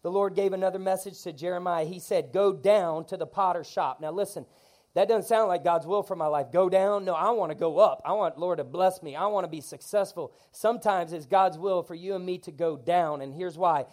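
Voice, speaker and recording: A pastor preaches in a church with lively, animated energy. His voice sits high for a man, and he keeps pulling the congregation into call-and-response lines. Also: a little fast. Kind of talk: energetic sermon.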